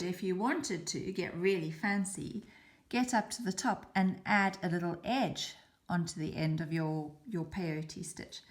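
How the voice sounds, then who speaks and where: A woman hosting a beading tutorial, calmly explaining each step as she works. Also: medium pitch. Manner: calm, chatty explaining while working. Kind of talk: step-by-step craft demonstration.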